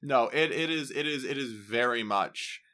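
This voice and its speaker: A man's voice: medium pitch, moderate pace. A young man co-hosting a podcast, telling stories in a casual chat with lots of swearing and laughter. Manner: animated storytelling, swears a lot, laughs into words. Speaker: podcast co-host.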